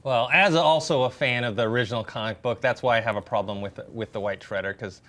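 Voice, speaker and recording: Male movie panelist, casual and measured, voice in the middle range. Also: medium pitch, fairly bright tone. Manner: measured, hesitant, with many restarts.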